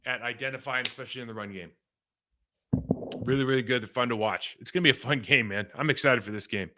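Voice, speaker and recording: A man's voice: mid-range voice, fast. A middle-aged man from California, a former pro football player, talks casually and animatedly as he breaks down game film. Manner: conversational and animated, with fillers like "man" and "like".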